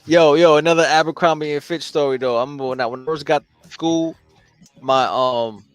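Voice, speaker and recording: Fast-talking man telling profane stories. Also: fairly high pitch, smooth. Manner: loose, profane storytelling with big voice swings. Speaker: comic artist co-host. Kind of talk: casual chat on a drawing stream.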